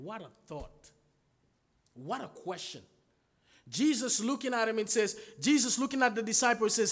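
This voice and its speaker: A man's voice: high-pitched, unhurried, a bit bright. A man preaching a sermon, emphatic, asking rhetorical questions and retelling stories in voices.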